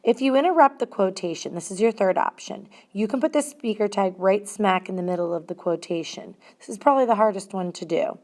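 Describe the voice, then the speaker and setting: A woman's voice: mid-range voice, brisk, hardly any pauses, darkish tone. A woman teacher giving a grammar lesson, explaining step by step and stressing single words.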